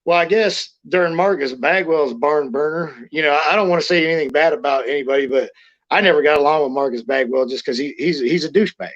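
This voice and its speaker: A middle-aged man recounts old backstage stories in a casual interview, blunt and profane, often restarting his sentences. His voice sits a little high for a man. The recording sounds dull and lo-fi. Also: fast talker, a bit bright. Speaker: interview guest, former wrestler. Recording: lo-fi muffled audio.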